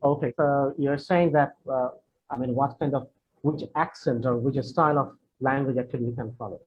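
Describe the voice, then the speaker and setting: A man from Bangladesh leads an online question session for students over a video call, answering in a friendly, hesitant way with many fillers and restarts. His husky, medium-pitched voice keeps fairly even intonation at a normal speed, and the call sounds dull and lo-fi with faint noise.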